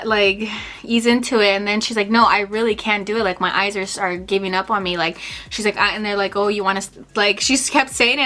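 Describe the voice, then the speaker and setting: A woman's voice: medium pitch, pushed and bright. A young woman telling a story in a chatty vlog, full of fillers and acted-out quotes. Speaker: vlogger.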